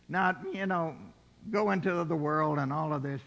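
A middle-aged male pastor preaching a sermon, stressing scripture slowly and dropping to quiet asides. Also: a little high, creaky, lo-fi sound. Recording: long reverb from a large hall.

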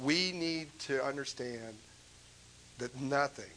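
An impassioned male preacher delivering a sermon. His voice sits a little high and rings bright and forceful. He drives his points home with emphatic rhetorical questions. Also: moderate pace, a little hiss or hum, low-quality recording.

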